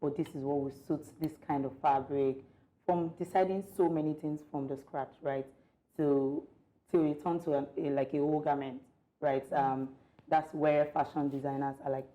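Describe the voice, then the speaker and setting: Nigerian woman designer guest, low voice, hesitant, slightly dull recording. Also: fairly even intonation, normal speed. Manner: hesitant, many fillers. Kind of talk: interview answers.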